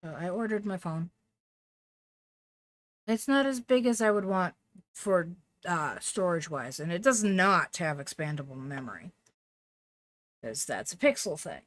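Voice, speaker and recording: A woman's voice: on the low side, animated, measured pace, long pauses, a bit bright, no room sound. A woman chatting casually and rambling through side remarks while live-streaming a game from home. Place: at home with a dog. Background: game music with cello and violin.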